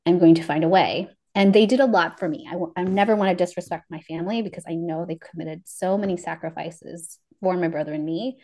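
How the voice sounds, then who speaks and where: A woman's voice: fairly low pitch, fast, few pauses. A woman guest on a podcast telling her life story in casual conversation, acting out the voices of people she remembers and laughing often. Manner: lively, acts out remembered dialogue; laughs often mid-sentence.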